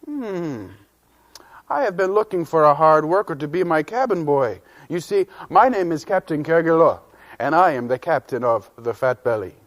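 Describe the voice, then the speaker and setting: A man voicing a tall, distinguished sea captain who speaks in a courteous, measured way. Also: a little high, expressive, close to an everyday voice. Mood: gracious.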